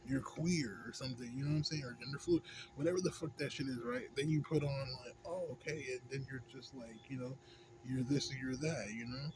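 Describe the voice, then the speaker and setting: Rambling, swearing young American man venting. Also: brisk. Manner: rambling, heavy slang and swearing, frequent "you know what I'm saying"; swings between mumbling low and loud heated outbursts. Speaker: vlogger. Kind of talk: casual profane rant. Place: indoors at home, smoking a pipe. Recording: home recording with clear background noise.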